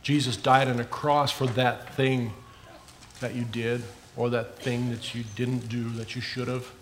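A man preaching a sermon in an earnest way, rising for emphasis and dropping soft at the ends of phrases. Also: mid-range voice, slight background noise.

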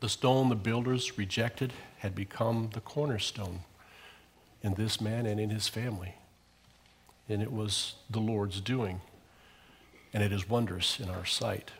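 A man's voice: fairly even intonation, a little slow, pauses often. Storytelling male pastor preaching. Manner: storytelling preacher, swelling louder on key phrases and dropping low at ends. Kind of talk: sermon. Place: church.

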